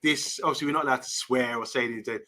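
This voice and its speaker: A man's voice: medium pitch, steady tone, racing, pushed and bright. A man co-hosting a live fan stream, chatting casually and reading viewer comments aloud. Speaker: podcast co-host.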